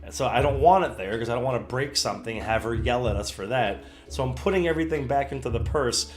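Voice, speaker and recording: Young man, streamer, chatty storytelling, mid pitch, soft music under. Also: fast talker. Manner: animated, acts out quotes with pitch jumps. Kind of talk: casual storytelling. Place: home room. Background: soft background music.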